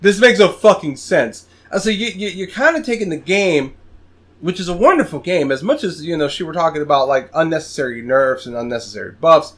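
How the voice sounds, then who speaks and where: Guy with a high animated voice, swears a lot, gaming podcast rant. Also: fairly quick. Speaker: podcast host. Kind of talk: casual gaming podcast chat.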